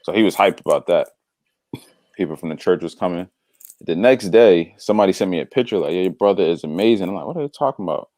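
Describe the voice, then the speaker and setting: A man in casual conversation telling a story, animated and slangy, acting out the voices of the people in it. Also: deep voice, fast, no echo, clean studio sound. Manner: slangy, drops "bro". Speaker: devotional podcast co-host.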